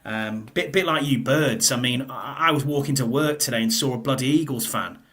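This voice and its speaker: Man, northern English, podcast host, middle pitch, chatty, wry low asides, casual chat. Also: fairly quick, fairly bright tone. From northern England.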